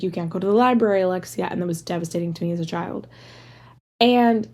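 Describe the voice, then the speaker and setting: Woman in her thirties, somewhat low voice, casual solo podcast host, rambling, many "like" fillers. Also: a little mellow. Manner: rambling, tangents, frequent "like" fillers.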